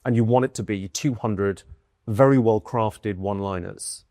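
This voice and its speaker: A man from the UK, a comedian and guest, telling stories in lively conversation and acting out what people said. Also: on the low side, dry recording, studio quality. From United Kingdom. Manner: quick, lively storytelling with acted-out quotes and bursts of laughter. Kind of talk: animated conversational storytelling.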